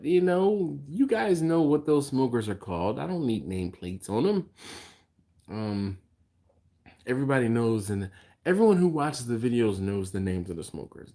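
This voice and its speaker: A man's voice: medium pitch, mellow. A man hosting a barbecue channel, chatting casually on a live stream in a rambling way, yawning and tired, answering viewer comments as he goes.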